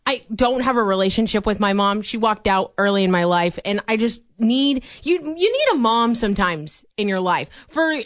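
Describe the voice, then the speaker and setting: A woman's voice: medium pitch, animated, normal speed, few pauses, dry recording, clean studio sound. A young woman co-hosting a radio show, chatting animatedly, teasing her co-host and laughing often. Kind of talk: casual radio chat.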